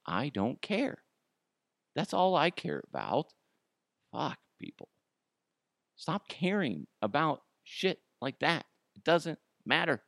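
A man's voice: fairly high pitch, pushed and bright, no room sound, studio quality. A man hosting his solo podcast, ranting profanely and laughing at his own jokes. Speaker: podcast host.

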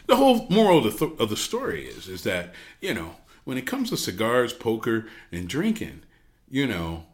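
Male storyteller, casual talk, expressive lively delivery, middle-pitched. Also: normal speed. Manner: animated, lots of fillers and restarts. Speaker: podcast storyteller.

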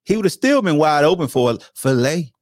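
A man's voice: on the high side, fairly quick, no room sound, clean studio sound. A man hosting a podcast, talking sports loosely and playfully, teasing rival fans. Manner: animated trash talk, playful and loose. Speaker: podcast host. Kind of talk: casual sports talk.

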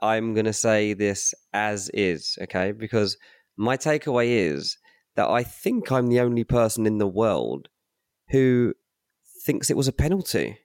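Man, football pundit, low voice, dry mic, chatty storyteller. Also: a little slow, no room sound. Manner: chatty, animated storytelling, says mate. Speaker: podcast co-host, transfer pundit. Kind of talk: casual football chat. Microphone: home mic late at night, talking quietly.

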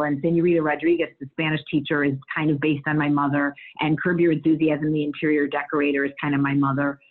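A middle-aged actress chats as an interview guest. She is candid, animated and quick to laugh, with a low, husky voice. Her voice comes through thin and tinny, as over a phone. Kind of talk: casual interview storytelling.

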